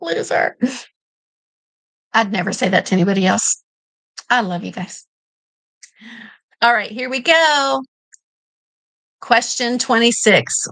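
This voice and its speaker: A woman's voice: a little high, measured pace, pauses often, a bit bright, no echo, low-quality recording. Playful Kentucky woman hosting trivia. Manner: playful, teasing, laughs often. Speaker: trivia game host. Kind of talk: live-stream trivia hosting.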